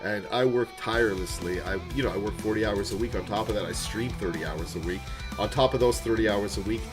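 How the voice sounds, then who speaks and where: A man in his thirties wraps up his stream with heartfelt, meandering chat, repeating words and getting choked up. He talks quickly in a fairly low voice into a desk mic, guitar music playing behind.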